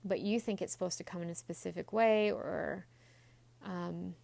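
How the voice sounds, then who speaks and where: A woman's voice: on the low side, steady tone, normal speed, creaky, a little mellow, dry recording. A woman hosting a self-help podcast in a blunt, chatty monologue, swearing casually and acting out quoted voices. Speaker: podcast host.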